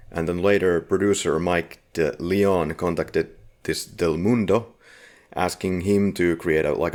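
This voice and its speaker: A man hosting a podcast, giving film background in a relaxed, conversational way. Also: deep voice. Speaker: podcast host. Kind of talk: casual film discussion.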